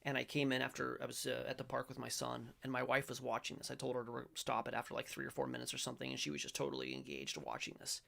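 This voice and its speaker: A middle-aged man with a deep, gravelly voice full of vocal fry hosts a faith-based commentary, reading aloud and reacting casually. He talks quickly with few pauses, rambling and correcting himself mid-sentence before erupting into loud, emphatic bursts.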